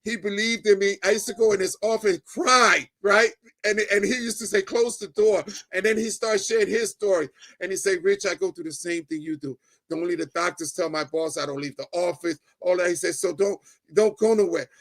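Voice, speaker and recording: A middle-aged man giving a personal testimony as a guest, telling it in an animated way, acting out the dialogue and often checking in with "right?". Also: high voice, fairly quick. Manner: animated storyteller, keeps adding "right?"; acts out quoted dialogue.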